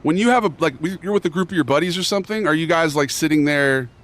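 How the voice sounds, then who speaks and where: A man's voice: on the high side, fast talker, fairly bright tone. A man streaming a game, chatting casually in a rambling, joking bro manner with mock earnestness. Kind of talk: casual chat while playing a game.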